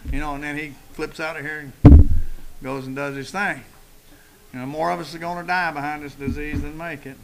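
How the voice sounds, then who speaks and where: A middle-aged man talks from a podium at a recovery meeting in a bright, forceful voice that sits a little high for a man. His storytelling is folksy and full of cussing, and his humor runs dark. A faint hiss of noise hangs behind him.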